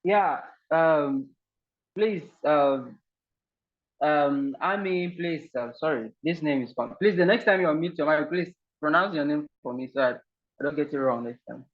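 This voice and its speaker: Male video-call host, polite and hesitant, slightly high voice, muffled audio. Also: a little slow. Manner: polite, repeats words, many fillers. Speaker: online session host. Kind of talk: casual video call game hosting.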